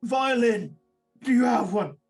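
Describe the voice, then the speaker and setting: A man's voice: very high-pitched, expressive, unhurried, soft background music, voice pushed up. A man voicing a newly reborn man who gives curt, urgent demands. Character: commanding newly reborn man, hoarse from slime.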